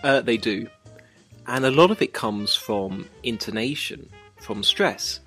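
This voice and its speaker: A man's voice: mid-range voice, expressive, a little slow, sharp tone, faint music behind. A British man co-hosting an explanatory chat, patiently showing how intonation changes meaning. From Britain. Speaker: co-host.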